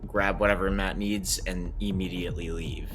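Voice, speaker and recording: A man playing a tabletop game, laying out his plans in a halting, deliberate way. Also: low voice, little pitch movement, over music. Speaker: player.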